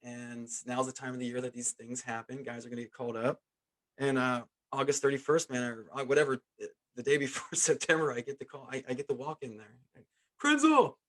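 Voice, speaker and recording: A man around forty, a former pro ballplayer, telling a story as an interview guest in an animated way, chuckling and often saying "man". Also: mid-range voice, fast. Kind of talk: casual storytelling.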